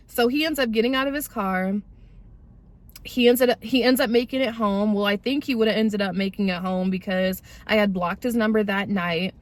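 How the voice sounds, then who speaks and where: A woman's voice: mid-range voice, normal speed, no echo. Young woman telling a candid personal story. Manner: candid and conversational, addresses viewers as "y'all". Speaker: vlogger sharing a personal testimony. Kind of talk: casual spoken testimony.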